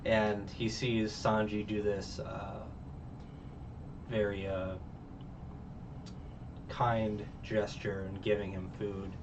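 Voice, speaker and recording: A man's voice: fairly low pitch, level tone, slow, long pauses. Guy rambling thru a recap, lots of ums, distant muffled mic w faint hiss. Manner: rambling recap with many fillers and restarts. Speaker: reviewer. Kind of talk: casual chat.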